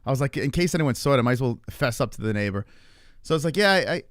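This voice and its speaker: A man in his forties telling a long story to his stream chat in a rambling, profane, animated way. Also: mid-range voice, fast, no echo, clean studio sound. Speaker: live streamer.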